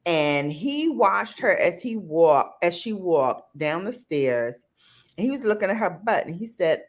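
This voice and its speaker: A woman with a New York accent hosting a live stream, telling stories in casual, animated chat with loud playful outbursts. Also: fairly low pitch, unhurried.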